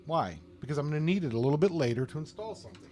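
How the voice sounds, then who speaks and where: A man's voice: a little high, sing-song, racing, darkish tone. A man from Pittsburgh co-hosting a live podcast, playful and teasing in casual chat. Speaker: podcast co-host.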